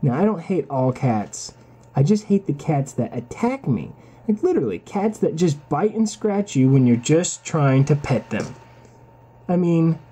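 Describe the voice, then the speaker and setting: Husky, lively man ranting casually. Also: fairly high pitch. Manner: exasperated, crude, repetitive. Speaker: vlogger.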